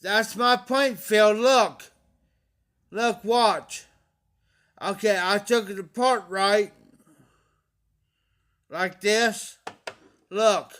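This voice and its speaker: A man's voice: sits high, extremely slow, pauses often, fairly bright tone. A man hosting a casual livestream, talking anxiously to viewers, pleading for help and repeating himself. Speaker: livestream host.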